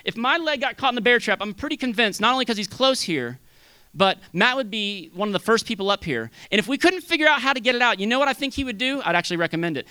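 A man preaching a sermon as pastor, swinging between loud bursts and hushed asides. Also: very high voice, sing-song, fast talker, clean tone, dry recording.

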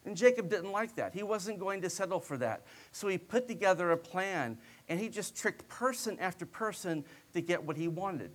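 High-voiced preacher telling a story. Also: male voice, lively intonation, normal speed, hardly any pauses. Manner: conversational storytelling with joking asides. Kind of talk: sermon.

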